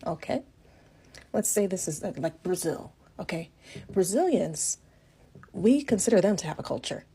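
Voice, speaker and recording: A woman's voice: on the low side, lively intonation, normal speed, warm tone, husky. A woman explaining a point in a sarcastic, mocking, teacherly way, as in a social media video.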